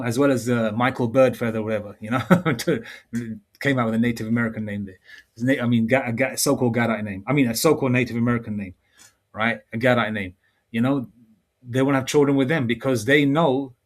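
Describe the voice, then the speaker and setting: A man talks through a scripture teaching in a loose, rambling way and keeps circling back with fillers. His pitch sits in a middle range. When he quotes verses, he slows right down and reads with weight. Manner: rambling and conversational, full of fillers; reads verses slowly and deliberately. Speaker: religious teacher. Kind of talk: informal scripture teaching monologue.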